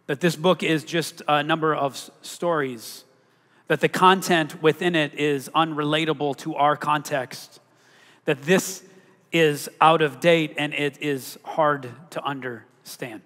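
A man's voice: a little high, fairly bright tone. A man preaching a sermon as pastor, emphatic, rising on key words and asking the congregation questions. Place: church sanctuary. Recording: long hall reverb.

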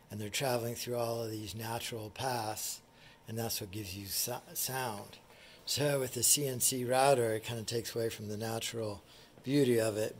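A man casually explaining a woodworking project, thinking aloud in a relaxed way as he works. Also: mid-range voice, gravelly, a little hiss or hum.

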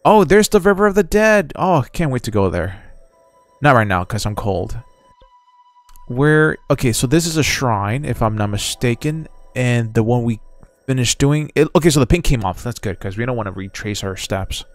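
A young man giving casual, excitable gameplay commentary as a streamer, chatty and slangy, reading game text aloud. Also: mid-range voice, moderate pace, dry recording, faint music behind. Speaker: gaming streamer.

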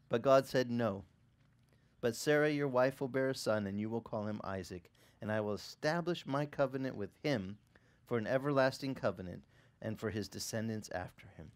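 A middle-aged man preaching a sermon as pastor, telling the story with animated acted-out quotes and laughter. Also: mid-range voice, moderate pace.

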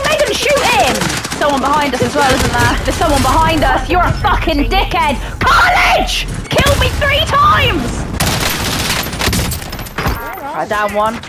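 Shrieking woman gaming over loud music. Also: high-pitched, moderate pace. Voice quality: excitable, shrieks and laughs often, swears. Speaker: gamer streamer. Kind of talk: casual gameplay chat.

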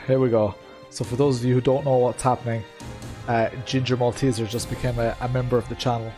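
This rally sim streamer talks fast over music, his medium-pitched voice staying level. He rambles casually to his viewers during live gameplay commentary, full of fillers and asides to chat.

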